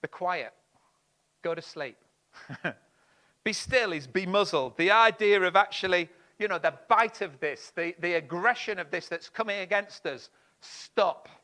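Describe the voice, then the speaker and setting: A man preaching a sermon, expressive, swinging between loud emphasis and hushed lines. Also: high voice, a little slow.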